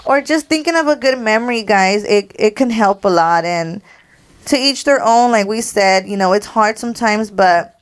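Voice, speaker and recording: A woman's voice: mid-range voice, animated, moderate pace, smooth. A young woman hosting a podcast. She tells stories in a casual heart-to-heart chat, with plenty of "like" and "dude", and speaks straight to her listeners. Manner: chatty storytelling, lots of "like" and "dude". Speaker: podcast host.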